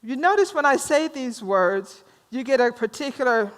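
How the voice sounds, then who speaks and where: A woman's voice: sits high, animated, moderate pace. A woman minister from rural North Carolina with a Southern drawl, teaching a workshop in a conversational way and teasing her audience with questions.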